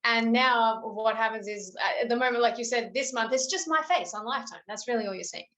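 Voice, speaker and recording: Gushing actress lady from australia, highish voice, lots of room echo. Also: fairly quick, a bit bright. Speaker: actress guest. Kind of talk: casual interview chat.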